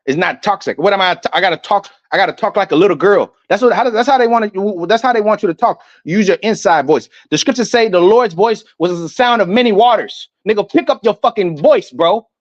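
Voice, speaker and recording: A man giving a ranting commentary, loud and emphatic, stumbling over repeated words as he reads definitions aloud. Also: high voice, fairly quick, no room sound. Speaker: online commentator. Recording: dull lo-fi dry sound.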